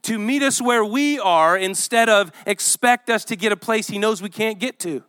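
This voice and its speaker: Reading scripture aloud to a congregation that includes children, a male pastor preaches in an animated, conversational style. His voice is high-pitched, clear, and resonant, and he keeps a moderate pace.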